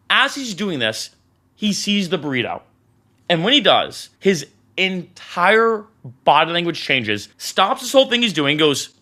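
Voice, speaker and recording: A man's voice: high-pitched, normal speed. A young man telling a story in a casual vlog, acting out the dialogue as he goes. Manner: animated, acts out the dialogue. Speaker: vlogger.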